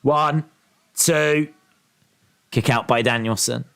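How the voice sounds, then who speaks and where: A man's voice: mid-range voice, takes it slowly, bright, forceful tone, clear, resonant tone. A man from England with an English accent, hosting a casual wrestling watch-along stream, calling the action and reading viewer comments aloud.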